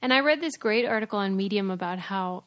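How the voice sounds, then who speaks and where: A woman's voice: medium pitch, animated, quick pace, a bit bright. A young adult woman co-hosting a podcast, chatting candidly and laughing often. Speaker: podcast co-host. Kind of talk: casual chat.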